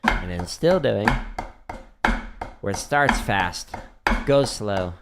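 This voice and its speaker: A relaxed man answers viewers' questions in a drumming livestream, breaking off now and then to hum patterns or chuckle. His voice has a light gravelly edge, and clear background noise from drums and clicks sits under the talk. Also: on the low side, takes it slowly. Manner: relaxed, laughs often, hums drum patterns. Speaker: drumming teacher streaming practice. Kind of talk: casual livestream Q&A while practicing. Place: home studio with drums.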